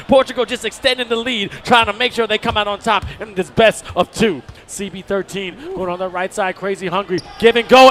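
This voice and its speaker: A man's voice: high-pitched, fairly quick, pushed and bright, slight background noise. A man giving playful, colorful hype commentary on an esports basketball match, full of quips.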